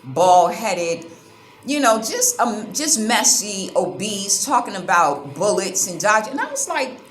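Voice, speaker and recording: A woman from the United States telling a story to camera as a vlogger, animated and indignant, acting out the back-and-forth of an argument. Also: mid-range voice, slow, soft background music. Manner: animated, indignant retelling with quoted exchanges. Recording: roomy sound with faint ambience.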